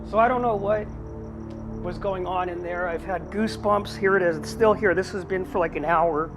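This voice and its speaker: A man's voice: high-pitched, normal speed, over music. A paranormal investigator, a man, recapping to camera in an agitated, rambling way.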